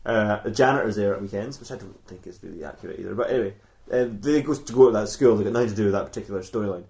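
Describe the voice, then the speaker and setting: A man's voice: lowish voice, racing, vocal fry, a little mellow. A man, hosting a podcast and telling an improvised comedy story in a rambling way, often laughing and restarting his sentences. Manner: rambling, with many self-interruptions and restarts; laughs often while talking. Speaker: podcast host.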